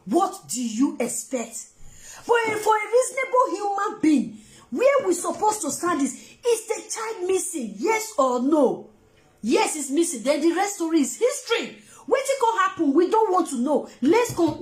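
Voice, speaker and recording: A woman's voice: sits high, echoey room. A Nigerian woman giving passionate commentary, pressing her point with emphatic rhetorical questions.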